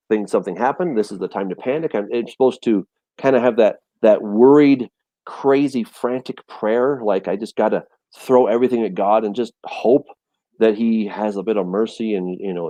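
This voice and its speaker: A man in a casual Bible discussion, animated and storytelling, often repeating words as he restarts. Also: lowish voice, no echo. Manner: animated storytelling, acts out voices and quotes. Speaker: teacher of a Bible study show.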